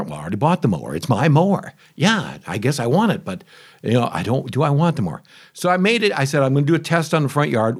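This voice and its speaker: A man's voice: medium pitch, husky. A man telling a casual, rambling story to camera about testing a new mower, chatty and full of asides and grumbles. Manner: chatty, conversational, self-interrupting. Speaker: homeowner reviewing a lawn mower.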